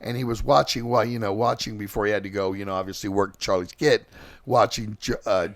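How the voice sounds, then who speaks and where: Brief: middle-aged male host, gravelly voice, dry close sound, loose storytelling full of ums and restarts. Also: lowish voice, fairly even intonation, no echo. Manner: halting, with many fillers and restarts. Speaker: podcast host and band singer. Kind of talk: casual rambling storytelling.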